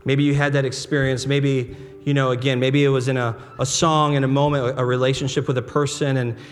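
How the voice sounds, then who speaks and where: A pastor preaching a sermon in a casual, conversational way, full of restarts and rhetorical questions. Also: male voice, mid-range voice, little pitch movement, a little fast. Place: church sanctuary. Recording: long hall reverb with soft guitar behind. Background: soft guitar music.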